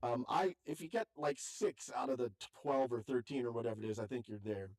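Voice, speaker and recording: A man's voice: mid-range voice, a little fast. Chatty older man interviewing. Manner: chatty, self-deprecating, trails off quietly. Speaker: interview host. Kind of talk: casual conversation.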